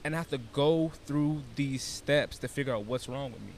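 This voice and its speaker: A man's voice: medium pitch, normal speed, vocal fry, slight background noise. A man in casual conversation, explaining ideas animatedly with analogies and casual swearing. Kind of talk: casual chat.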